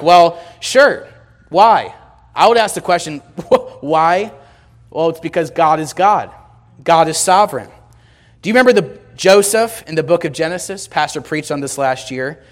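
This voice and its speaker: A man preaching a sermon in a church, emphatic and calling out questions to the congregation. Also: sits high.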